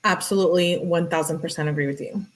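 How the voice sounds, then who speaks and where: A woman's voice: lowish voice, fairly even intonation, fast, poor audio. A woman giving casual, earnest true crime commentary, talking in a chatty way with lots of "like". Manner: chatty, heavy use of "like"; earnest, emphatic. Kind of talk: casual commentary while reading texts.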